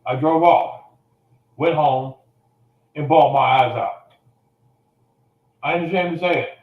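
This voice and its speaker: A man's voice: fairly high pitch, measured pace, roomy sound, highs cut off. A man telling an emotional personal story, blunt and profane, coughing now and then.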